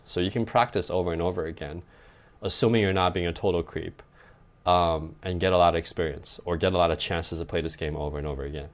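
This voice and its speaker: A young adult man who coaches dating, talking loosely in a podcast chat and often tagging lines with "right?". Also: sits low. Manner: loose and conversational, frequent "like" and "right?" tags. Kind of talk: casual podcast advice talk.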